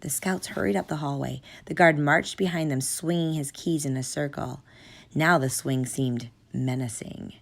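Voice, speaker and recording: A woman narrating a children's storybook in a measured, steady reading. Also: low-pitched, gravelly. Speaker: audiobook narrator.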